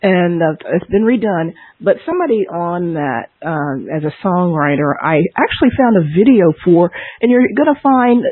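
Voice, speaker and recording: A host with a mid-pitched, husky voice asks long, halting questions full of "um"s and restarts. The voice sounds thin and tinny, like a phone line. The sound is dry and close. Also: expressive, no echo. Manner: halting questions with many fillers. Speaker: interviewer, host. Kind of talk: interview.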